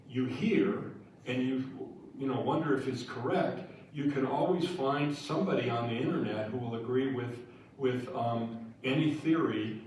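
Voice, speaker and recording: A man, a scientist, answering audience questions after a public lecture, thoughtful and halting with restarts. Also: mid-range voice, a little mellow, a little hiss or hum. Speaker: guest scientist speaker. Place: lecture hall. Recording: echoey hall, voice from far off.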